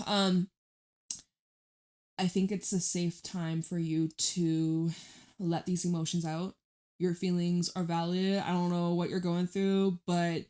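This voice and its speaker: A woman giving a casual tarot reading, chatty and emphatic, who swears freely. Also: medium pitch. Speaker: tarot reader.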